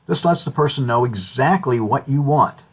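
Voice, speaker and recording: Man, husky voice, mid pitch, recorded lecture, conversational, lightly humorous. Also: normal speed. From United States. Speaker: instructor.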